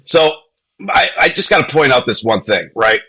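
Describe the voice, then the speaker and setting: A man's voice: mid-range voice, animated, normal speed, pushed and bright, slightly rough, poor audio. A man hosting a podcast in casual, blunt chat, swearing freely and laughing often. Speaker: podcast host.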